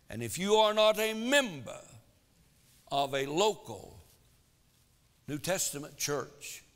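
A man preaching a sermon in a church, swinging between loud exhortation and quiet asides. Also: sits high, in a large hall. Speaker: pastor. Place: church sanctuary.

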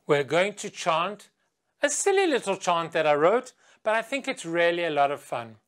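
A woman English teacher giving a slow, clear video lesson to children, asking quiz questions and leading a chant. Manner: patient, asks quiz questions and chants with the class; sings a chant in a higher, lively voice.

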